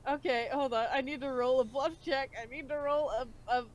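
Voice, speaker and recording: Woman player, high voice, laughs a lot, loose casual chatter. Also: fairly even intonation, a little fast. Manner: giggly, rambling, swears casually. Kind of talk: casual tabletop game chat.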